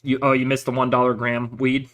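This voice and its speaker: A man with a bright voice rambles through casual stories, swearing freely and laughing at his own jokes. He talks like a veteran chatting with a friend, loose and unscripted. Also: medium pitch, monotone, fairly quick. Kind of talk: casual chat.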